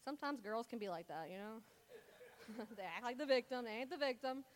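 Chatty high-voiced woman preaching. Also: animated, brisk. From Louisiana. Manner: chatty, storytelling, heavy with fillers. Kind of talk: casual Bible talk. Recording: long hall reverb.

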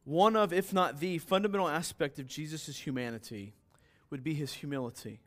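A man with a fairly high voice preaching a sermon. He talks conversationally, with restarts and asides, and jumps higher in pitch when he acts out characters in his stories. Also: fairly quick, a bit bright. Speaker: pastor.

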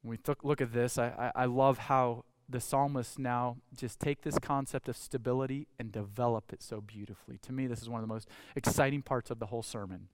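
A male pastor preaching a sermon, swinging between loud calls and hushed low passages. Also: steady tone, brisk, hardly any pauses, no room sound, clean studio sound.

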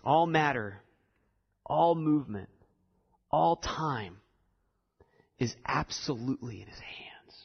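A man's voice: medium pitch, animated, takes it slowly, vocal fry, pauses often, slightly rough, muffled recording. Man, preacher, sermon, emphatic, rising repetitions, long hall reverb. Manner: emphatic, building to repeated insistent lines.

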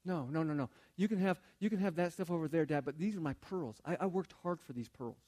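A man's voice: on the high side, fast, mellow, natural voice. A man voicing a little girl who dotes on her dad, told as a quoted part inside a sermon story. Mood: stubborn. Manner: eager, pleading, then tearful.

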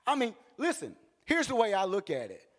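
A male preacher giving a sermon in animated storytelling, with blunt joking asides and bursts of shouting. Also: high-pitched, moderate pace, long reverb tail.

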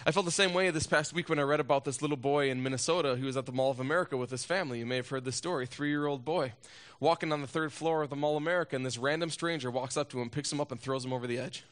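A man preaching a sermon as a pastor, telling a personal story and asking rhetorical questions, swinging between loud urgency and hushed moments. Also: fairly high pitch.

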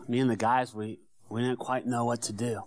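A man's voice: mid-range voice, little pitch movement, normal speed, natural voice. A man playing Peter, an earnest fisherman apostle. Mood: excited. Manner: storytelling, swinging from hushed whispers to fervent shouts. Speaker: dramatic monologue performer. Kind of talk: first-person dramatic church monologue.

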